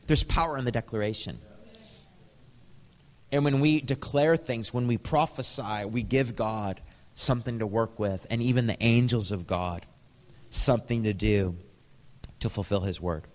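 A man from Canada preaching a sermon, telling stories with lively, animated quoted dialogue. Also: mid-range voice, moderate pace, in a large hall.

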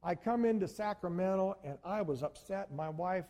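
High-voiced animated male preacher. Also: moderate pace. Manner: animated storytelling, addresses congregation as folks. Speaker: pastor. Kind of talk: sermon. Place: church.

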